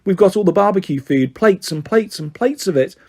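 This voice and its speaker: A man voicing a gentle, sad young schoolgirl who speaks softly and wistfully, reading a storybook aloud. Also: high-pitched, animated, brisk, voice pushed up.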